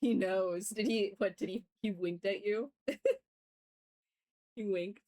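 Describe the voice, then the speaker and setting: Chatting with viewers as she works on stream, a woman artist laughs a lot and recounts things animatedly. She speaks slowly in a steady, mid-range voice with a somewhat dark tone.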